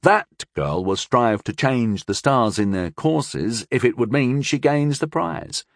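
A man's voice: mid-range voice, expressive, slow pace, no room sound, clean studio sound. A man voicing a confident young scholar who lectures his friend in a knowing, wry way. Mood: earnest.

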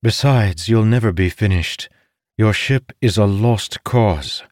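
A man voicing a stern female leader who refuses flatly and insists. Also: on the low side, takes it slowly, no room sound, clean studio sound, pitched above the performer's own voice. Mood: unyielding.

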